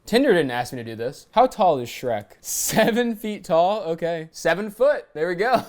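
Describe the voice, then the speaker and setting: A young man doing a casual comedy vlog, excitable and joking, talking to himself and the viewers. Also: sits high, normal speed, hardly any pauses. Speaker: comedy creator.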